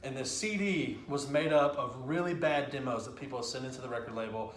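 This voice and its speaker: Man telling stories in an echoey hall. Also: mid-range voice. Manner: lively, conversational storytelling with quick asides. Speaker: speaker. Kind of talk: storytelling speech.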